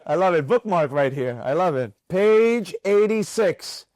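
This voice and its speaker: With students in the room, a man gives a live mentorship session on trading, his voice sitting high and his pace unhurried. He's animated and preachy, saying things more than once to stress them. No echo is audible.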